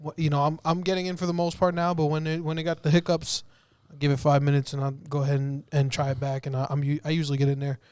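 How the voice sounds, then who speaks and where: A man's voice: fairly high pitch, fast talker, clear, resonant tone, no room sound. A man co-hosting a casual gaming podcast, chatting loosely and laughing through his stories. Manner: relaxed, laughs while telling stories. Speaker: podcast co-host. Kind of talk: casual chat.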